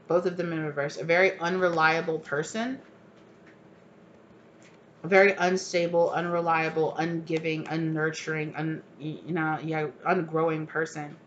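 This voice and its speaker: A woman's voice: low-pitched, highs cut off, a little hiss or hum. A woman giving a casual tarot reading, naming cards and thinking aloud with many fillers. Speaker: tarot reader.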